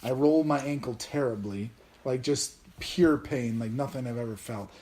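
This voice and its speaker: Relaxed man in his thirties hosting. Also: mid-range voice, moderate pace. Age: 30s. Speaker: podcast host. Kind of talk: casual chat.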